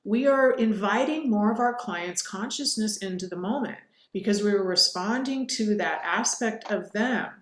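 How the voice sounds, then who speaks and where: An earnest woman co-host talks through hypnosis ideas in a teaching discussion. Her voice sits at a middle pitch, and the room around her sounds echoey. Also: normal speed, few pauses.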